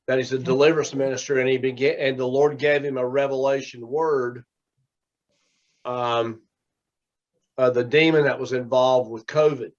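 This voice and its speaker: A man's voice: mid-range voice, fairly even intonation, moderate pace. A man teaching a small class, talking in a rambling, conversational way as he tells stories. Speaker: teacher and minister. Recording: dull lo-fi recording.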